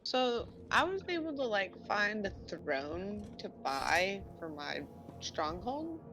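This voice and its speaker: A woman streamer chatting with friends during an online game, musing aloud in a blunt, unhurried way. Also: mid-range voice, sing-song, noisy background. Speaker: streamer playing along. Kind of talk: casual gaming chat.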